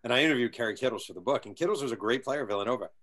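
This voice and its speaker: A man's voice: mid-range voice, racing, a bit bright. A man being interviewed as an author, telling a long anecdote with energy and acting out the people in it. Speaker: guest author. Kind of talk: storytelling interview answer.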